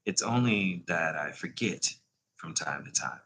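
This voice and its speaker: A man voicing a composed, centuries-old male vampire, in a measured and unhurried read-aloud manner. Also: sits low, lively intonation, sharp tone, pitched below the performer's own voice, exaggerated voice, low-quality recording. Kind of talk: reading a novel aloud.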